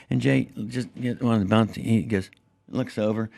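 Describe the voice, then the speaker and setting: A male comedian guest in a studio, telling stories in a rambling, halting way with many restarts. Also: on the low side, steady tone, vocal fry, a little mellow, no room sound. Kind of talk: casual storytelling on a podcast.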